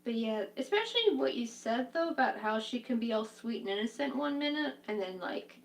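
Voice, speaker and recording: A young woman chats her way through a crochet live stream, reacting to viewers' comments and filling her talk with "like." Her voice sits a bit high. She sounds a little distant from the microphone. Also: lively intonation, a little fast, creaky. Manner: chatty, reacting to viewers' comments, heavy use of "like". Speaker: crochet livestream host. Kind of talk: casual chat while crocheting on a live stream.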